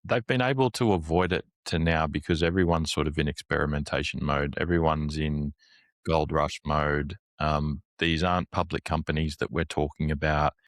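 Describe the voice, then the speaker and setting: A man's voice: very deep voice, fairly even intonation, moderate pace, dry recording, clean studio sound. A man who is a guest on a business chat, laying out his points analytically in long lists that build up.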